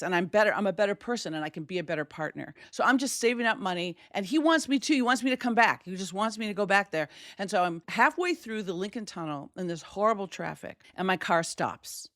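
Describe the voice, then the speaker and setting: A woman's voice: on the low side, dry recording, clean studio sound. A middle-aged woman from Wisconsin telling a personal story, acting out the voices she quotes. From Wisconsin, USA. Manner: animated, acts out quoted voices.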